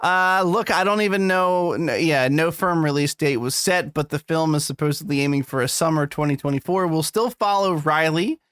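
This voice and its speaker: A man's voice: fairly high pitch, normal speed, few pauses, fairly bright tone, clean tone, no echo, studio quality. A man co-hosting a podcast, chatting casually about film and TV news, laughing and swearing freely. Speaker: podcast co-host. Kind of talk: casual chat.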